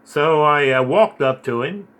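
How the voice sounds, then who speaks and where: A man earnestly recounting a dream and preaching in a rambling, halting way, repeating his words. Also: a little high, expressive, fairly bright tone. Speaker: video blogger recounting a dream. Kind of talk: earnest spoken storytelling and preaching.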